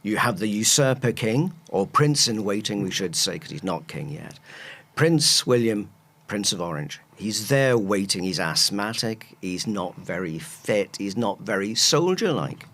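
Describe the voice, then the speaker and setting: A man's voice: fairly low pitch, big pitch swings, a little slow, a bit bright. A man, a historian guest explaining history with enthusiastic, rambling asides. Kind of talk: casual chat, explaining history.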